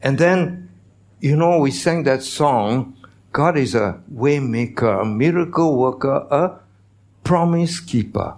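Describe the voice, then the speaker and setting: A man's voice: medium pitch, animated, takes it slowly, darkish tone. A man preaching a sermon as pastor, teaching, asking the congregation questions, with non-native phrasing.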